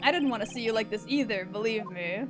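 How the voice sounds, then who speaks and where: A woman's voice: on the high side, quick pace, over music, lightly acted. A woman voicing an earnest young male defense attorney in a game, in a direct, near-natural voice.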